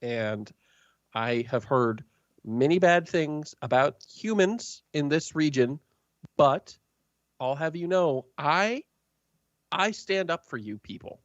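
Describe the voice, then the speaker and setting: A man voicing a haughty dark elf woman who speaks in a formal, stiff, self-righteous way. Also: on the high side, lively intonation, slow pace, dry recording. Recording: dull, dry lo-fi stream audio.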